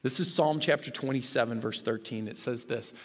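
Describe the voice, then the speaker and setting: A man's voice: mid-range voice, brisk. A man preaching a sermon as a pastor, earnest and rising to fervent emphasis. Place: church sanctuary. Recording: long hall reverb.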